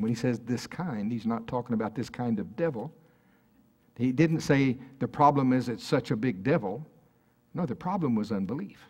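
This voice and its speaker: A man preaching to a congregation in a loose, conversational way. He talks at a mid-range pitch and keeps turning to the room with questions. It is recorded at a live church service. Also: animated, a little fast, dark tone, breathy edge. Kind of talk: sermon.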